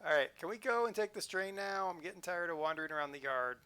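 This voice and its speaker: A man's voice: high voice, lively intonation, fast talker, sharp tone, smooth. A man hosting a live game stream, chatting casually and joking around as he plays. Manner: playful, jokey, chatty. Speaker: livestream host.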